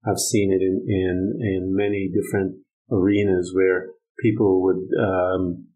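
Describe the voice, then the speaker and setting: A man with a somewhat low voice delivers a loose, conversational sermon rant. He fills gaps with "um" and "uh" and jumps in to act out each Bible character's lines. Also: little pitch movement, a little slow, narrow, tinny audio. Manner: conversational, many fillers, acts out Bible dialogue. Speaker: preacher.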